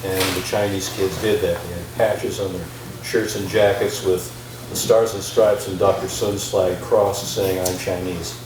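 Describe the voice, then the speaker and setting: A man's voice: sits low, little pitch movement, a little slow. A man who is a fellow docent, recalling a family memory in a plain, matter-of-fact way. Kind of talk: panel conversation. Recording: distant echoey room with noise.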